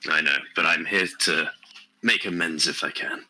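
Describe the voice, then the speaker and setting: A man as a polite, earnest adventurer, husky and low. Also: fairly even intonation, moderate pace, pushed and bright, heavily acted. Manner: friendly, polite, slightly formal. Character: earnest young male adventurer reunited with his sister.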